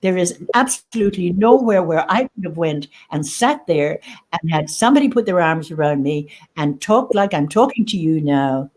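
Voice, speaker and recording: Woman guest, lowish voice, halting emotional testimony. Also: lively intonation, a little mellow. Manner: halting, emotional, repeats phrases. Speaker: guest sharing lived experience. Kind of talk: personal testimony in conversation.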